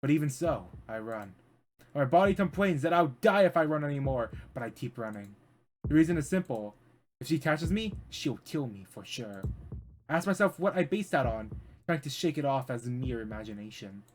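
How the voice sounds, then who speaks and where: A man's voice: medium pitch, lively intonation, normal speed, a little hiss or hum. A man streaming as a VTuber, reading a visual novel aloud with drama and breaking into rambling asides.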